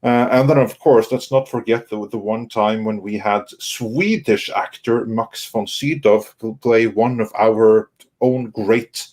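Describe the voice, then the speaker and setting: A man's voice: lowish voice, fairly even intonation, a little slow, a little mellow. A man from Norway, hosting a casual film roundtable and talking with frequent fillers and restarts. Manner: hesitant, many fillers and restarts. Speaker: host.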